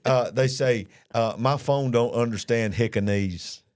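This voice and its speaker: A man's voice: medium pitch, a little slow, a little mellow. A jovial man with a Southern American accent, co-hosting a ministry news show and reading viewer comments aloud in casual chat. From Alabama.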